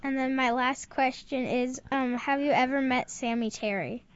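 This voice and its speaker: A woman's voice: high voice, normal speed, clean tone, highs cut off. A young female kids' film correspondent asking interview questions hesitantly, with frequent ums.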